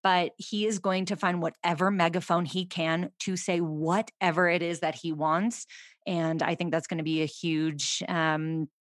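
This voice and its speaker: A woman's voice: fairly low pitch, little pitch movement, unhurried, dry recording. A woman discussing politics as a podcast guest, conversational with frequent fillers.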